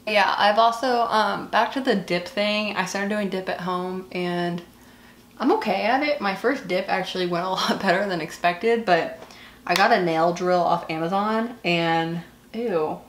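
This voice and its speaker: A woman's voice: medium pitch, measured pace, a little hiss or hum. A woman in her twenties with a Southern US accent, chatting casually and gushing while doing her makeup, with lots of fillers. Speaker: beauty vlogger. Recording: echoey room.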